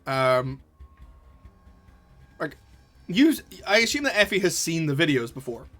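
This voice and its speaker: A man's voice: on the high side, big pitch swings, unhurried, pushed and bright, soft background music. A man narrating and running a tabletop game, casual and swearing often. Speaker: game master.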